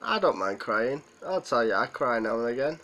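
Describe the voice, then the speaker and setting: A man's voice: mid-range voice, big pitch swings, moderate pace, bright, forceful tone, rough recording. Tearful man chatting on a livestream. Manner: rambling, chatting to viewers' comments. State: close to tears. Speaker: livestream host. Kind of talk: emotional live stream chat.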